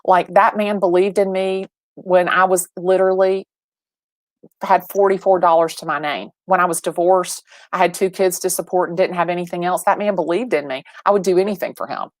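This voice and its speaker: A woman in her forties, a real estate agent and guest, telling stories with lively acted-out dialogue over a video call. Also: lowish voice, fairly quick, no echo. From Atlanta, Georgia. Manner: animated storyteller, acts out quoted dialogue, many restarts. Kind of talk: livestream interview storytelling.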